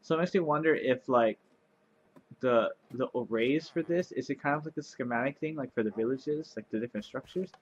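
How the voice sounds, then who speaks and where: A man giving casual gameplay commentary, rambling and chatty with lots of fillers, playfully sarcastic and easily excited. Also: medium pitch, a little fast, dull audio. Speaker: let's play commentator.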